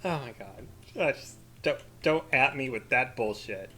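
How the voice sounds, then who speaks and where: A man's voice: mid-range voice, expressive, a little slow, a bit bright. A man giving rambling, profane let's-play commentary, full of crude jokes and sarcastic mock rants. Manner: mock-ranting with sarcastic asides. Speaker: gaming commentator.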